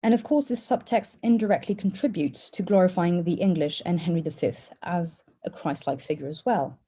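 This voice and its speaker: A woman presenting a formal academic paper at an online conference, in a measured way with an occasional "uh". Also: fairly low pitch, dark tone, breathy edge. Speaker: conference speaker. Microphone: online conference call.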